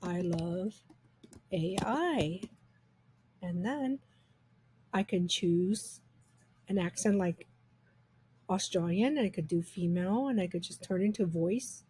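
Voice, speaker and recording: A woman reviewing software in an upbeat, chatty, enthusiastic way, walking through a screen demo. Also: on the low side, a little slow, pauses often, a little hiss or hum.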